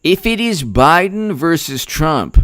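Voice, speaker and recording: A man's voice: fairly high pitch, slow pace, no echo, clean studio sound. Sarcastic male political commentator. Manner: mocking, deadpan sarcasm. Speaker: host.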